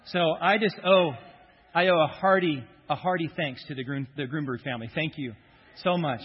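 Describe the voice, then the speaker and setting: A man's voice: fairly high pitch, normal speed, husky. A man preaching a sermon as pastor in a church sanctuary, joking with the congregation before reading scripture. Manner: jokey, self-deprecating banter with the congregation. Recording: dull sound with long hall reverb.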